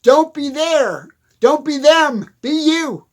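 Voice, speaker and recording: A man's voice: very high voice, slow. Emphatic, repetitive motivational man. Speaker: motivational speaker. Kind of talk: motivational monologue.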